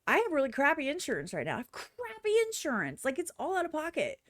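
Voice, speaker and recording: A woman with a fairly high voice talks bluntly through a music video as a streamer. She swears freely and mimics other people in exaggerated voices. The sound is dry and close. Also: huge pitch swings, fast, a bit bright, dry recording. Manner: blunt, profane, outspoken. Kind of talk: casual reaction commentary.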